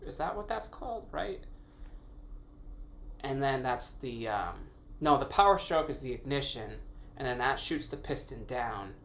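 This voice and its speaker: Gravelly man rambling through a podcast. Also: mid-range voice, slight background noise. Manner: rambling, self-correcting, thinking aloud; casual with mild swearing. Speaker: podcast host. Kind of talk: casual solo podcast musing.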